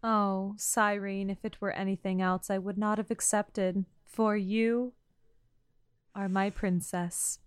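Slow-spoken earnest woman. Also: medium pitch, level tone, clean tone, no room sound, studio quality. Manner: earnest, sincere. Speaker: player. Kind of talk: in-character tabletop role-play.

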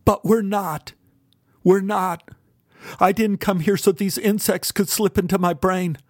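A frightened, fragile young woman, as a male narrator puts her on, her voice lifted high and pleading through tears. The storybook reading sounds close and dry, with no room around it. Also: moderate pace, vocal fry, a little mellow, dry recording. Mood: distraught. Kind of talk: audiobook character voice.

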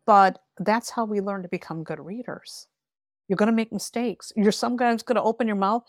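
A woman's voice: mid-range voice, moderate pace, no echo, studio quality. A woman tarot reader talking bluntly and emphatically, giving frank advice in a podcast conversation. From rural area.

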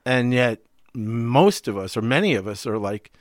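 Male podcast co-host, mid-pitched, reflective and conversational, voice dry and close. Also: expressive, moderate pace, no echo. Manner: reflective, thinks aloud with many "you know" asides.

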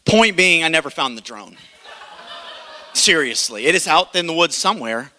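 A pastor in his thirties delivers a sermon built around a personal story, animatedly acting out the voices of the people in it for his congregation. His voice is very bright and a little high, and he speaks at a normal pace. The long reverb of a church hall rings through the recording.

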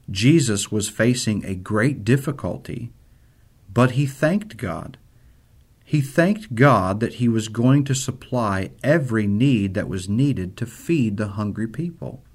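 A man, an outreach pastor, giving an earnest, measured devotional and reading scripture aloud. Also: lowish voice, darkish tone. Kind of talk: devotional sermon.

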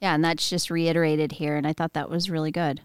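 A woman's voice: sits low, little pitch movement, a little fast, clean tone, no room sound, clean studio sound. A woman guest speaking candidly and earnestly in a casual faith-based chat.

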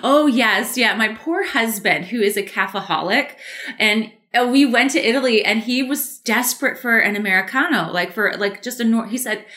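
A woman's voice: on the high side, moderate pace, pushed and bright. A woman from Canada, a guest artist telling stories in an interview. She is chatty, laughs often and uses many fillers. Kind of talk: casual interview storytelling.

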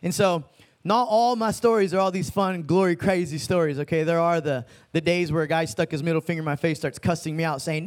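High-voiced young preacher, laid-back slang. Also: male voice, quick pace. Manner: laid-back slang-filled, animated retelling. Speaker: youth preacher. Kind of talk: casual sermon with storytelling.

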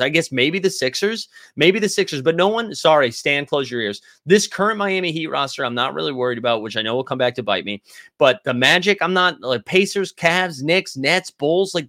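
A man's voice: a little high, pushed and bright. A man hosting a casual basketball livestream, rambling through his thoughts and reading viewer comments aloud. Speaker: sports livestream host. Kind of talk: casual chat.

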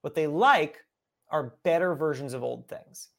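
A man's voice: a little high, unhurried, creaky, a bit bright. A man, a guest author, telling a story in a casual chat with lots of energy, repeating and restarting words.

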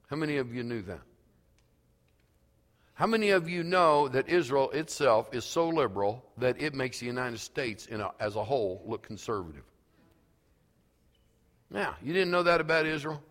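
A male pastor preaching a sermon slowly and emphatically, reading scripture aloud in a church. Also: medium pitch, fairly bright tone, in a large hall.

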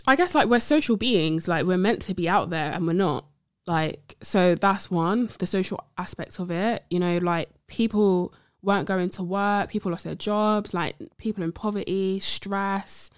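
A woman's voice: medium pitch, moderate pace, smooth, no room sound, studio quality. A young woman, a trainee psychologist, talking casually in an interview, rambling with many "like"s and checks that she is understood. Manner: rambling, says "like" and "do you see what I mean" often.

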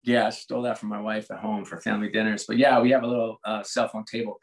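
A man's voice: lowish voice, little pitch movement, fast, gravelly, poor audio. A man in his forties from the United States, speaking candidly and reflectively as an interview guest, often restarting his sentences. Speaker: guest, sports executive. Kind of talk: conversational interview.

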